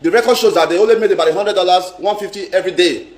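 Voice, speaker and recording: Nigerian man, high pitch, emphatic live-stream vlogger, echoey room. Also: racing. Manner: emphatic, repeats phrases, mixes in pidgin. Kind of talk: casual live-stream rant. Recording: roomy echo.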